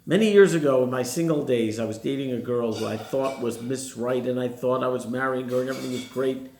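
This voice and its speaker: A man's voice: medium pitch, a little fast, darkish tone, a little hiss or hum. A man, a rabbi, giving a sermon and posing rhetorical questions to his listeners. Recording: roomy echo.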